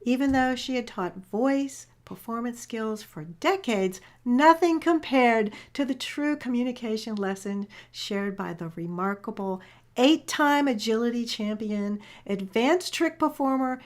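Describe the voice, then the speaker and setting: Brief: woman host, fairly high voice, encouraging intro and interview. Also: unhurried. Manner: warm and encouraging, with soft laughs and backchannels.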